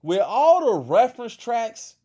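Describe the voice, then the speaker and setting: A man's voice: very high-pitched, big pitch swings, measured pace, warm tone. A man hosting a casual reaction stream, questioning and repeating himself in disbelief. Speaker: host reacting to a video.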